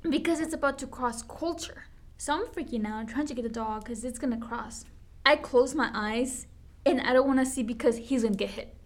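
Animated young woman telling stories. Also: high-pitched, moderate pace. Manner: animated storyteller, says "like" often. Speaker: podcast co-host. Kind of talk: casual chat.

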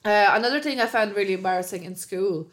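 A woman's voice: mid-range voice, fast talker. Blunt woman, Russian speaker. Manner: blunt, swears, laughs easily. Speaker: podcast co-host. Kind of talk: casual chat.

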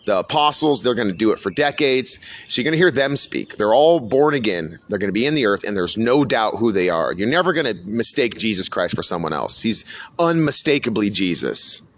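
A man's voice: lowish voice, very animated, a little fast, a bit bright. Blunt, profane middle-aged man preaching. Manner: blunt, profane, repetitive warnings. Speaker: podcast preacher. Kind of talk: unscripted religious monologue.

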